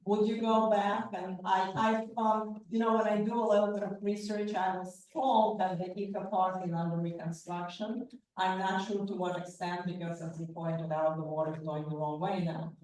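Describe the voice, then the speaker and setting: A female professor moderating a film Q&A, asking questions with halting, hesitant phrasing. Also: medium pitch, flat delivery, darkish tone, slight background noise. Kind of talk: hosting a Q&A. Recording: roomy echo, far from the mic.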